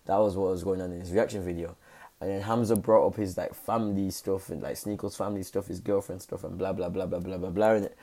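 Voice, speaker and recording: A young man rambles through a casual commentary, full of slang and tag questions. His voice sits low and sounds dark and mellow. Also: level tone, fast talker. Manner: rambling, slangy, fillers like innit. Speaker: content creator.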